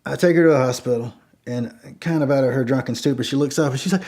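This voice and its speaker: A man's voice: medium pitch, fast. A man telling a true story in a casual way, acting out the dialogue and saying "like" often. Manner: animated, acts out each line of dialogue, many "like" fillers. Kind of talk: casual spoken anecdote.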